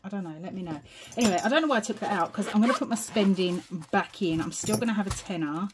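A woman's voice: mid-range voice, quick pace, background noise. A young British woman chatting casually to camera at home, rambling and a little out of breath. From United Kingdom. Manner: chatty, rambling, self-deprecating. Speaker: budgeting vlogger. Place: home, evening.

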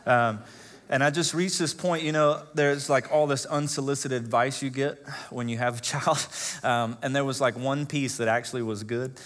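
Man, 30s, pastor, sermon storytelling, conversational, hushed to loud emotional swings. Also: medium pitch. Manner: conversational, with frequent fillers and laughs. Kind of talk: sermon with personal stories.

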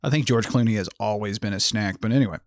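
A man's voice: on the low side, fast, dry recording. Chatty man with a dry close sound. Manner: chatty, laughs often, drinking beer while talking. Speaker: podcast co-host. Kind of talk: casual chat about a horror film.

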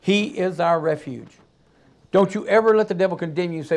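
Emphatic high-voiced male preacher. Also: fairly quick. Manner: emphatic, with sudden loud outbursts. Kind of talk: sermon.

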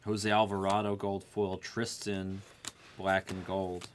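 Low-voiced man calling out trading cards. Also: completely flat delivery, slow, slight background noise. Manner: rattles off player names and card types, chatting to viewers. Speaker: sports card break host. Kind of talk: live card break call-outs.

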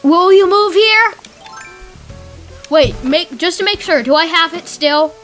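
Woman let's-play host, excitable running commentary, high and bright-sounding, faint game music under her. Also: slow. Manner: excitable, talks to game characters. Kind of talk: casual gameplay commentary.

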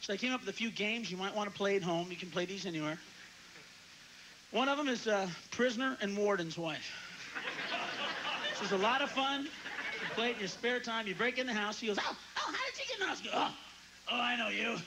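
Male stand-up comedian, very high voice, sudden screaming rants, loud background noise. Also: brisk, long pauses. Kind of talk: live stand-up routine. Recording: noisy live recording.

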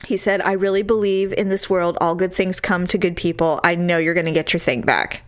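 A woman co-hosting a podcast, telling a story in casual chat and acting out her own quotes in high squeals. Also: steady tone, brisk. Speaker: podcast co-host.

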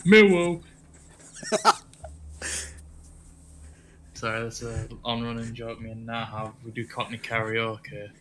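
A man's voice: medium pitch, monotone. Gamer guy on a noisy mic. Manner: laughing, teasing, quick strategy talk. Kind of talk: casual chat while playing.

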